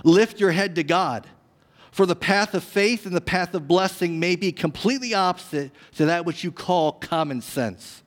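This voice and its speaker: A man preaching a sermon as a pastor, swinging from booming lines to hushed ones and tossing humorous asides to the congregation. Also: moderate pace. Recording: long hall reverb.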